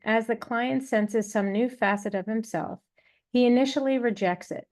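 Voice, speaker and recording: A woman reading a psychology book aloud in a measured way, calling out page numbers and quotes, with small restarts. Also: a little high, darkish tone. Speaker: reader of a psychology text.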